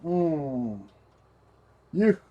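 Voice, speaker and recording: A man's voice: a little high, big pitch swings, very slow, mellow, muffled recording. A man hosting a livestream while rebuilding a computer, chatting casually, talking to his parts and his dog. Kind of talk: casual live tech narration.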